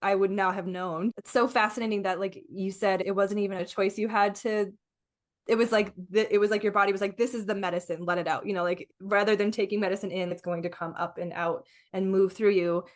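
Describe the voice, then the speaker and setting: A woman's voice: medium pitch, fairly even intonation, fairly quick. A woman podcast host responding in conversation, thinking aloud with restarts. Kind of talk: conversational interview.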